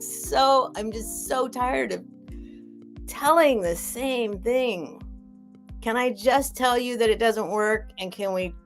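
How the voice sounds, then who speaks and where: A middle-aged woman talks casually to her live-stream audience, rambling and candid, answering commenters by name. Her voice sits at a middle pitch, and faint music plays softly in the background. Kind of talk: casual chat with live chat viewers.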